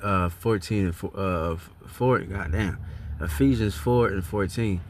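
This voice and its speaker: A man's voice: low voice, unhurried, a little hiss or hum. Blunt, profane man reading scripture. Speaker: religious commentator. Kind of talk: casual video commentary with scripture readings.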